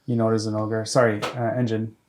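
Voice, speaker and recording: A man running a tabletop game as game master is losing his voice, clearing his throat and speaking haltingly with many restarts and fillers. His lowish, darkish voice shows little pitch movement, with slight background noise.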